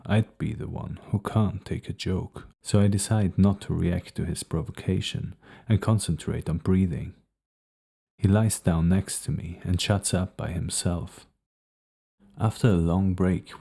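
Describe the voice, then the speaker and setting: A man narrating a novel in the first person for an audiobook, reading in a steady, measured way. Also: low-pitched, creaky, husky.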